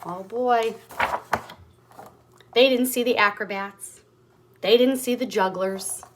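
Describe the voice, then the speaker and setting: A woman reading a picture book aloud to children in an animated way, stopping for asides to her young listeners. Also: medium pitch, unhurried, a little hiss or hum. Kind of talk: storybook read-aloud.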